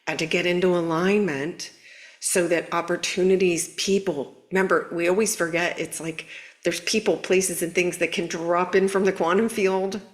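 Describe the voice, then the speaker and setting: A woman hosting a spiritual guidance video, talking in an earnest, conversational, animated way. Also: on the low side, normal speed. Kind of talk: casual spiritual coaching talk.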